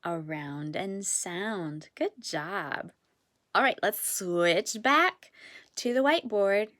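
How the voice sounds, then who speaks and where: Slow, sing-song woman phonics teacher. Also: mid-range voice, lively intonation, fairly bright tone. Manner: slow, sing-song and encouraging, drawing out words. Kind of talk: phonics lesson for young children. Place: classroom or home with whiteboard.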